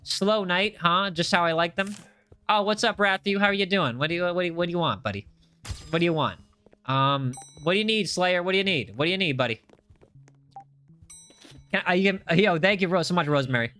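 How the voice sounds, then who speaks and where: A man's voice: high-pitched, brisk, long pauses, pushed and bright, smooth. A man hosting a live gameplay stream, reading chat aloud and chatting in a playful, teasing way. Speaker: gaming livestream host.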